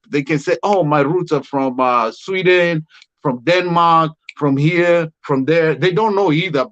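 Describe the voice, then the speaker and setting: A man from Africa with an African accent, a guest on a live video call, telling stories in an animated way and acting out what he says to people. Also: a little high. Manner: animated storyteller, acts out his own quotes. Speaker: guest caller. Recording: muffled lo-fi call audio.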